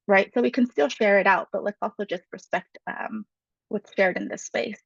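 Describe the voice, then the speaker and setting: A woman leads a webinar workshop in a friendly, conversational tone, with a touch of gravel in her voice. The sound is dry and a bit dull, like a computer mic on a video call. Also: medium pitch, fairly even intonation, fairly quick, dry recording. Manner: friendly, conversational, with frequent um fillers. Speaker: workshop facilitator. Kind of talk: webinar presentation.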